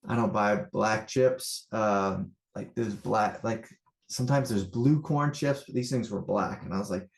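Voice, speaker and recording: A man, a spiritual teacher, telling a story to a group in an animated way and then speaking slowly and softly about awareness. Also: fairly low pitch, gravelly, echoey room. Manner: animated storytelling, loud mock-yelling; slow, soft, meditative.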